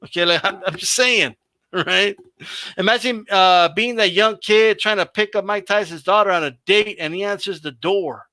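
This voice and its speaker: High, bright-voiced man riffing on boxing. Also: moderate pace, no room sound. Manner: animated, swearing, laughing, slangy. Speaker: host. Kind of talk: casual boxing chat on a livestream.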